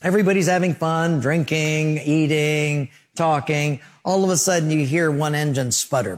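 A middle-aged male pastor preaching a sermon, telling lively stories with sound effects and acted-out quotes. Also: on the high side, normal speed, few pauses, big-room sound.

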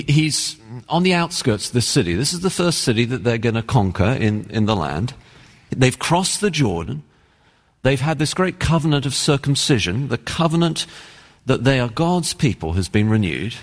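A man's voice: mid-range voice, big-room sound. A man with an English accent, a pastor preaching an earnest, emphatic sermon. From England. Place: church sanctuary.

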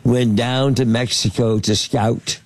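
A man's voice: medium pitch, fairly even intonation, slow, dry recording. An older man, a film producer, telling anecdotes in an interview with many fillers and restarts. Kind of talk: storytelling anecdotes in conversation.

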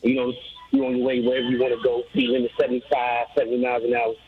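A man's voice: medium pitch, monotone, rapid-fire, breathy edge, no echo. A chatty man calls in to a radio show and tells a story at an easy, casual pace. His voice comes through a dull, muffled line. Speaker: caller. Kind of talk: phone-in storytelling.

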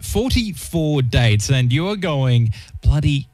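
A man's voice: mid-range voice, animated, takes it slowly, darkish tone, no echo. An Australian man hosting a radio interview, chatty and easily amused, with lots of fillers. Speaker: radio host.

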